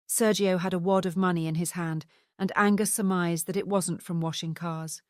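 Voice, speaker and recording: A woman narrating an audiobook in a steady, even scripted reading. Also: lowish voice, normal speed, dry recording, clean studio sound.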